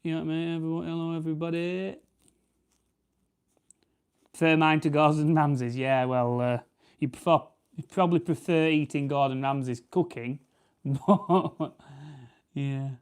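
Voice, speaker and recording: A man's voice: on the high side, normal speed, smooth. A man from Barnsley with a Yorkshire accent, chatting casually on a livestream while preparing game birds, rambling and correcting himself as he answers viewers. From Barnsley, England. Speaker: farming channel host.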